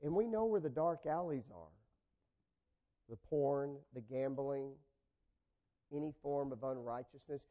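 A man preaching a sermon, swinging from loud, raised points down to quiet, low asides and acting out the people in his examples. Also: a little slow, pauses often, dull audio. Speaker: pastor.

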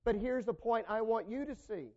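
A man preaching a sermon, swinging from loud, raised points down to quiet, low asides and acting out the people in his examples. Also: moderate pace, lo-fi sound. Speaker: pastor.

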